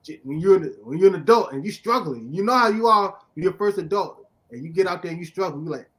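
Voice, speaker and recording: A man's voice: sits high, fast talker, hardly any pauses. A man hosting a casual comic book chat. He gets worked up, laughs often and bursts out with emphatic rants. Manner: excitable, laughing, emphatic outbursts. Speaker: podcast host.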